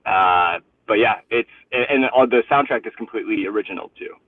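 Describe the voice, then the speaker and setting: A man calling in to a livestream and telling a lively story with frequent laughter. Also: fairly low pitch, fairly quick, recorded from a distance, a crowd in the background. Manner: animated storytelling, laughing often. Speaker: guest caller. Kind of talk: casual chat. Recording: tinny phone-like line.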